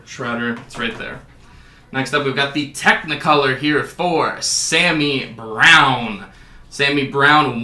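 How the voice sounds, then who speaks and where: A man's voice: a little high, pushed and bright, echoey room. A man hosting a sports card break, calling out each card and adding jokey asides. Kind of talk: casual card-opening commentary.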